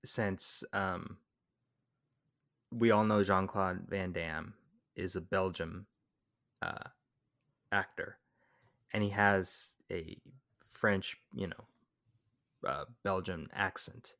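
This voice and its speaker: Excitable man riffing on a movie. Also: low voice, slow pace, pauses often, no room sound, studio quality. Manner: animated, excitable, jumps into impressions. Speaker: podcast co-host. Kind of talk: casual movie-review chat.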